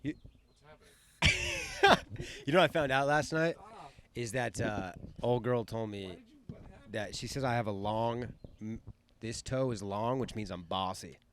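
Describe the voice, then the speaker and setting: A man's voice: mid-range voice, wildly swooping pitch, a little slow, pauses often, fairly bright tone. A man, a comedian cohost, asking playful, teasing questions in casual podcast banter.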